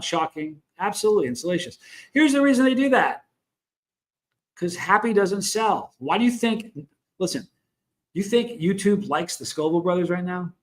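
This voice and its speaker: A man's voice: sits high, a bit bright. A middle-aged man with a Southern US accent, hosting a casual livestream, talking frankly and rambling while greeting viewers in the chat. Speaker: livestream host.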